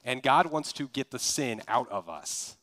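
A pastor from Kansas, USA, preaches a sermon in a relaxed, unhurried way, chatting with the congregation and asking rhetorical questions again and again. His voice sits at an ordinary middle pitch.

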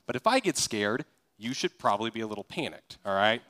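A man's voice: fairly low pitch, very animated, a little fast, fairly bright tone. Conversational man preaching a sermon. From Kansas, USA. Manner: conversational, rhetorical questions, frequent "like". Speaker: pastor.

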